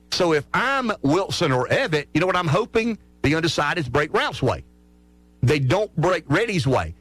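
A man giving talk-radio political analysis, animated and often repeating words as he restarts. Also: on the high side, no room sound. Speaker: political commentator.

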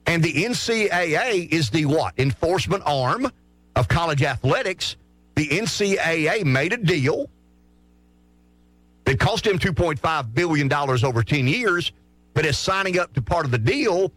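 A man holds forth on a sports talk show, his somewhat high voice swinging up and down with lively emphasis. He argues his points hard, tossing out rhetorical questions and answering them himself. The sound is close and dry. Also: moderate pace, no room sound.

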